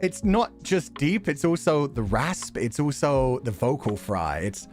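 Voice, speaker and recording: A man's voice: mid-range voice, animated, a little slow, few pauses, a little mellow, soft background music. A man talking casually to his chat on a live stream, reacting to videos and laughing often.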